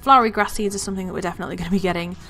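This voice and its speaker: A woman hosting a let's play, chatting casually and excitedly about what she sees in the game. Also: fairly low pitch, racing, soft background music. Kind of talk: casual gameplay commentary.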